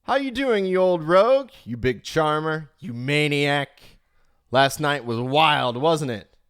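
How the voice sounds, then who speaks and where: A man voicing a boisterous, jovial male city broker who calls out loud, drawn-out greetings in an audiobook. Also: on the high side, lively intonation, smooth. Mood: hearty.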